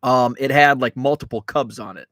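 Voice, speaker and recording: Casual male stream host, mid-pitched, rambling and filler-heavy, dry close sound. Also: normal speed, a bit bright, no room sound. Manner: rambling, chatty, many fillers and restarts. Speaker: podcast host reading live chat. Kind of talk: casual live-stream chat.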